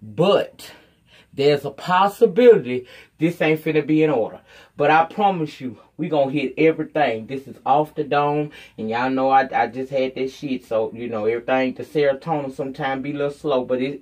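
A woman's voice: extremely low pitch, lively intonation, moderate pace, a little mellow, slightly rough. A woman giving a casual, off-the-cuff recap of a TV episode, blunt and profane, acting out the characters' lines as she retells the story. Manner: blunt, profane, sassy commentary. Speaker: TV recap reviewer.

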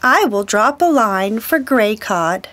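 A woman's voice: medium pitch, animated, slow, soft background music. A woman voicing Magpie, an eager helper bird calling out a report. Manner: calling out loud.

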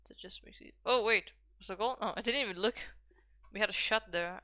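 A woman's voice: medium pitch, brisk, dry recording, lo-fi sound. A woman casually commenting on a football management game as she plays, thinking aloud and calling out player names. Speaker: gaming video host.

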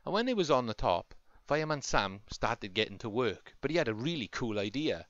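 A man narrating an improvised toy-play story in a lively, playful way. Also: mid-range voice, a little fast, no echo. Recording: dull lo-fi home recording.

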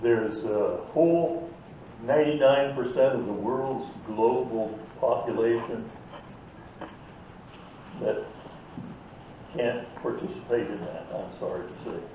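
A man's voice: medium pitch, slow pace, pauses often, dark tone, muffled recording, slight background noise. An older man teaching a church Sunday school class in an earnest way that gets worked up, heard from far off in an echoey room.

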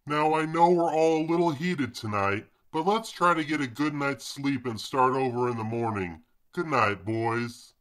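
A man voicing a smug, condescending fish wife in an adult cartoon, talking calmly and dismissively. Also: medium pitch, moderate pace, hardly any pauses, voice pushed down, close to an everyday voice. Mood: soothing. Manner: calm, condescending.

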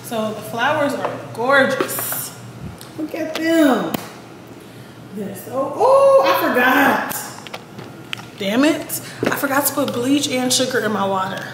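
High-voiced woman chatting in an echoey room. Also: very animated, slow pace. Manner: chatty, swears when annoyed, talks to viewers as "girl". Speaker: vlogger. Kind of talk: casual vlog chat. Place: apartment at home. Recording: echoey room with background noise.

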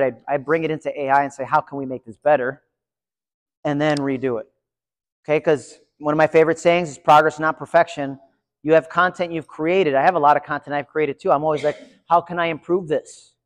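A man giving a live conference session, chatty and energetic, talking to his audience. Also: on the high side. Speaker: conference presenter. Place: large conference room. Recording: reverberant hall.

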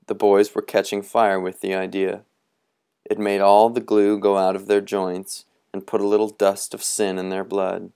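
Male storybook reader, slow and deep, measured delivery. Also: gravelly, darkish tone, smooth. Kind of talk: storybook reading.

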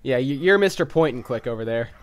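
A man chatting casually while playing an online game, making crude jokes, swearing and yelling at opponents. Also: mid-range voice, animated, quick pace. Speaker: gamer. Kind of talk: casual gaming chat.

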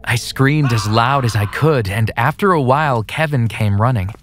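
A man narrating a first-person horror story in a steady, plain scripted read. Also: mid-range voice, normal speed. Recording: soft music underneath.

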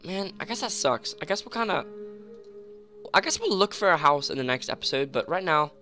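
A young man giving rambling, excitable commentary on a game at home, full of fillers and sudden yelps. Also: a little high, brisk, music in the background. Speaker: gamer. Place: home room.

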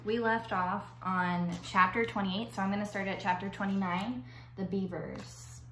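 A woman teacher reading a chapter book aloud to her class, relaxed and casual, with a few small slips. Her voice sits at an ordinary height and sounds roomy and echoey, with faint noise behind it. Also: mid-range voice, normal speed. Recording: echoey room.

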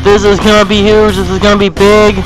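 A young man calling a wrestling match play-by-play, excitable and repetitive, with sudden yelps at big hits. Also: sits high, brisk, over music, rough recording. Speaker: play-by-play announcer.

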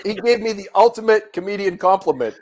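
A man's voice: sits high, fairly quick. A male comedian on a video call, chatting in a wry, self-deprecating way. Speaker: comedian guest. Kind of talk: casual chat on a video call.

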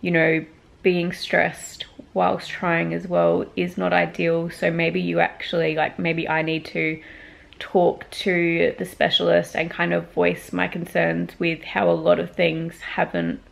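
A woman's voice: lowish voice, completely flat delivery, a little slow, gravelly. A young woman vlogging, upset and frustrated, venting about her week with a teary voice after crying. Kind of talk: casual personal vlog.

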